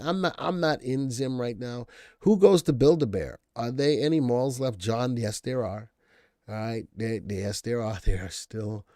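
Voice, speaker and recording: A man's voice: mid-range voice, warm tone, no room sound, clean studio sound. A man hosting a live stock-analysis stream, talking casually, thinking aloud and answering viewer comments. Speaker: stock market show host.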